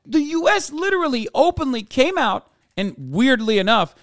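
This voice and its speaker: A man's voice: on the high side, smooth, no room sound, studio quality. Sarcastic, profane male streamer. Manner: reads chat comments aloud; fast when reading articles. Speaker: political streamer. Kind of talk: live-stream commentary, reading news aloud.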